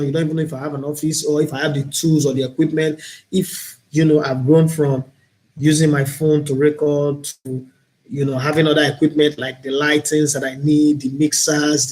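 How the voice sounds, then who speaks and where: A man's voice: fairly high pitch, darkish tone. A man with a Nigerian accent hosting a live-streamed talk show, speaking in an earnest, opinionated, reflective way. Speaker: host and broadcaster.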